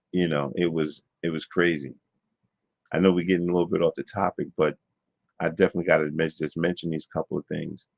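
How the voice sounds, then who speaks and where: A man's voice: a bass voice, vocal fry, no room sound. A man telling a rambling personal story in a loose, digressive way with many fillers and repetitions. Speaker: vlogger. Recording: dull lo-fi dry sound.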